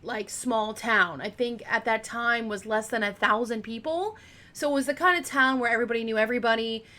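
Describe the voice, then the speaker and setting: A woman's voice: on the high side, sharp tone. A woman hosting a true crime channel, telling a case in a casual, rambling way with lots of fillers and asides, her voice a little cracking. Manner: chatty and rambling, with many fillers. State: slightly cracking voice.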